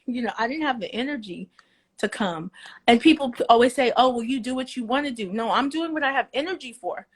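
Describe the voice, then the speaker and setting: Woman cohost walking and talking, earnest, kinda high voice, stumbles on words. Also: animated, brisk, slightly rough. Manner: earnest and reflective, often restarts words. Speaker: podcast co-host. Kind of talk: candid casual podcast talk. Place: walking while on a call.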